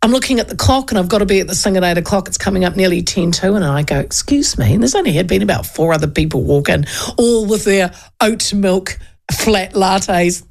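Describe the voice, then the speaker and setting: Chatty New Zealand woman with a gravelly voice. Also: mid-range voice, fairly quick. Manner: animated, chatty, laughs often. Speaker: radio host. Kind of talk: casual storytelling chat.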